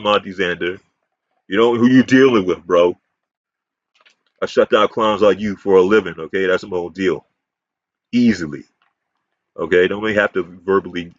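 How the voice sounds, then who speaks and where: A man's voice: lowish voice, no echo. A man giving a combative, profane, rambling ranting commentary as a YouTube commentator. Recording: dull, muffled sound.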